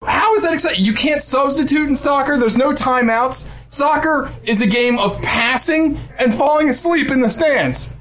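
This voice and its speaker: A man's voice: very high-pitched, moderate pace, hardly any pauses, a bit bright. A young man from the United States hosting a podcast, ranting sarcastically and swearing constantly in casual chat. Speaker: podcast host.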